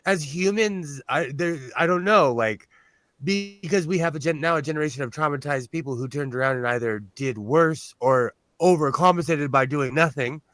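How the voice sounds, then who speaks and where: Casting note: chatty, blunt man, slightly high voice, dry close recording. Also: normal speed, a bit bright, no room sound. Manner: talkative, blunt, self-deprecating. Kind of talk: casual chat. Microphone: on-camera mic.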